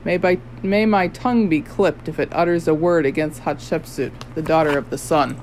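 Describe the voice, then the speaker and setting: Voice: mid-range voice, fairly even intonation, normal speed, darkish tone, slight background noise, lightly acted, rough recording. An audiobook narrator voicing a blustering male ship captain who grows frightened and agitated. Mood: panicked. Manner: agitated, exclaiming. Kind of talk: audiobook character voice.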